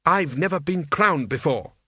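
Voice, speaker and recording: A man's voice: fairly high pitch, lively intonation, normal speed, bright, forceful tone, husky, dry recording, clean studio sound, exaggerated voice. A man putting on an icy, haughty young queen. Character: imperious young woman, a would-be queen.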